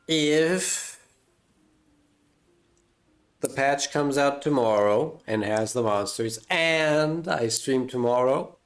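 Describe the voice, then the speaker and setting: Unhurried guy streamer, rambling live chat. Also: medium pitch. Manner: rambling, self-mocking jokes, drawn-out fillers. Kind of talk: casual live-stream chat while gaming.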